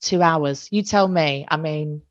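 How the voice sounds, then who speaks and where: A woman's voice: low-pitched, a little slow. Emotional woman telling a story. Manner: emotional, animated, swears freely. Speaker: podcast guest. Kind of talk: casual storytelling interview. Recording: dull lo-fi recording.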